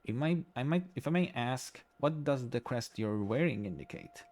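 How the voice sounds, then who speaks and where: A man's voice: mid-range voice, lively intonation, moderate pace, darkish tone, natural voice. A man voicing a wary, curious male Irish investigator, reading game dialogue aloud in plain, direct questions. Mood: questioning.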